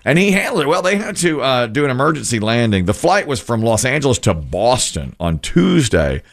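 A man hosting a talk show, telling stories in an animated, self-mocking way. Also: mid-range voice, brisk, vocal fry. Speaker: radio show host. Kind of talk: casual storytelling chat.

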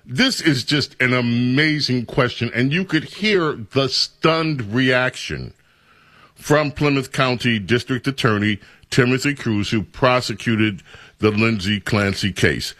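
A man's voice: medium pitch, animated, slow, a bit bright, no echo. A man hosting a talk radio show, with rambling, incredulous commentary.

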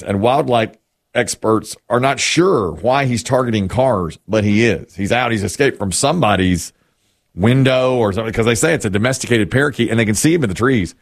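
Male show host, low and lively, casual rambling banter. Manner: chatty, rambling, amused.

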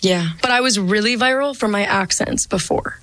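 A young woman with a bright, clear voice talks through a casual interview. She rambles and leans on fillers as she tells her story. The sound is dry and close. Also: mid-range voice, normal speed, no room sound. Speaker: singer-songwriter guest.

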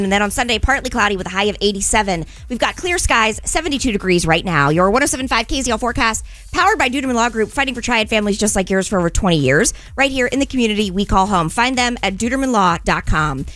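Lively female radio co-host. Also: medium pitch, fast talker, few pauses, soft background music. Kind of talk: radio banter and weather read.

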